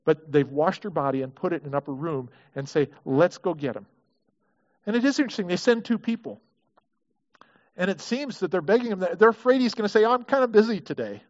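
A man's voice: high voice, expressive, fast, lo-fi sound. Conversational man preaching a sermon. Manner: conversational, acts out quoted prayers, frequent restarts. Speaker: pastor.

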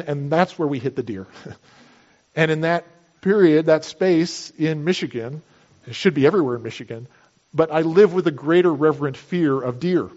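A man's voice: on the high side, a little mellow, lo-fi sound. A man preaching a sermon in a conversational manner, explaining with everyday illustrations. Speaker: pastor.

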